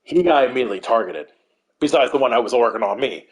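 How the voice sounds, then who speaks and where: A man's voice: medium pitch, fast. A man telling a gaming story in casual chat, swearing a lot and acting out what others said. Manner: animated and profane, acts out what others said.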